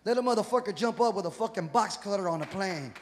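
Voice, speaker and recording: With lively intonation and a quick pace, a Houston comedian whose voice sits high performs a rowdy, profane stand-up set, punchy throughout. Long reverb, crowd noise, audience laughter and hall ambience mark the live stage recording.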